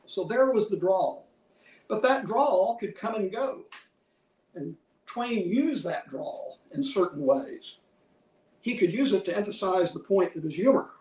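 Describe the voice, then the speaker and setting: A man gives a museum lecture in a measured, scholarly manner, reading out quotation after quotation. His voice sits a little high for a man. The sound carries the roomy echo of a lecture hall, heard from some distance away. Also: lively intonation, darkish tone.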